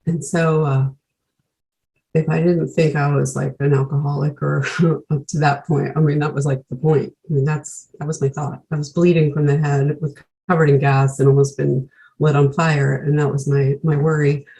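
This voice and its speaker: A woman's voice: deep voice, little pitch movement, normal speed, creaky, warm tone, poor audio. A woman candidly telling her own recovery story over a video call, blunt and profane, full of "like" fillers. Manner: blunt, swears freely, leans on "like" fillers.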